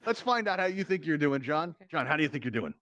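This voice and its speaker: Fast teasing guy hosting a vr game show, kinda high voice, bone dry headset sound. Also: very animated, fairly bright tone, no echo, muffled recording. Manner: playful, teasing banter with contestants. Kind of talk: hosting a live virtual reality game show.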